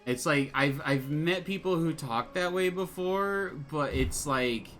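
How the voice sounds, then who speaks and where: A man's voice: on the high side, measured pace, a bit bright, soft background music. Rambling sarcastic young male gamer. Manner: rambling, sarcastic, swears casually. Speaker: let's play gamer. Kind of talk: casual gameplay commentary.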